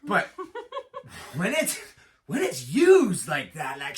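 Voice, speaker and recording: A man performing a raw, profane stand-up set on a small self-built stage, loud and animated. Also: on the high side, slow pace, distant mic. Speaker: stand-up comic.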